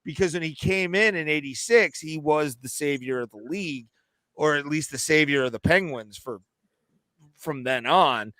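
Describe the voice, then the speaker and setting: A man in his thirties, a podcast co-host telling a long, animated, profane story in casual chat. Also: a little high, moderate pace, dry recording.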